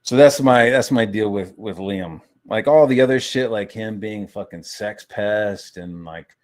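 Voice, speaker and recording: A man with a fairly low voice rants on a stream, heated and constantly swearing. He stumbles and restarts as he talks through a grievance, loose and unscripted. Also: unhurried, a little mellow. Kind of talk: profane casual rant on a stream.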